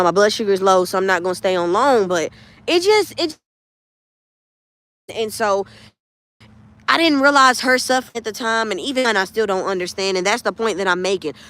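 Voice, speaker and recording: A woman's voice: mid-range voice, fairly bright tone. A woman hosting a casual livestream, rambling and heartfelt as she talks about faith and keeps addressing her viewers. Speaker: lifestyle vlogger hosting a livestream.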